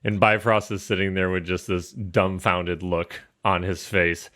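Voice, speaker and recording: A man narrating a tabletop game as game master, telling the story in an animated, laughing way. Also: low voice, unhurried.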